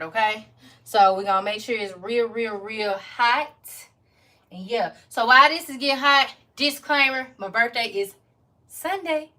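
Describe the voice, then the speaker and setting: A woman, chatting casually to her viewers while she cooks in her home kitchen, folksy and quick to laugh. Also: on the high side, pushed and bright. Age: 30s. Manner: chatty, folksy, laughs often, Southern country slang. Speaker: cooking vlogger. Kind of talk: casual cooking chat to viewers.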